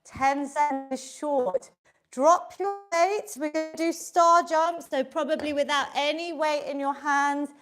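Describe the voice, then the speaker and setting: A woman's voice: high voice, fairly even intonation, a little slow, few pauses. A woman leading a live online exercise class as fitness instructor, upbeat and encouraging, counting reps aloud while she exercises along.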